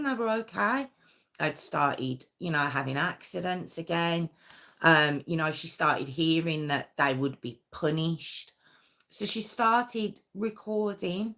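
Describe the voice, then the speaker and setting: A woman's voice: sits low, vocal fry, a bit bright. A British woman narrating a true crime story in a casual, earnest way, with fillers and restarts.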